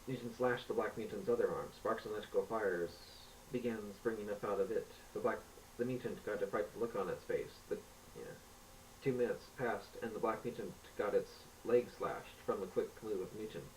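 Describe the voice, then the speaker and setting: A man's voice: on the low side, brisk, a little mellow, recorded from a distance, slight background noise, rough recording. Man reading a homemade story on old tape.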